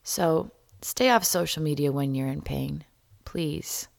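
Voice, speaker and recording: A woman hosting a solo podcast, talking candidly and wryly, jumping between loud jokes and quiet asides. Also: sits low, takes it slowly, vocal fry, dry recording, studio quality. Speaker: podcast host.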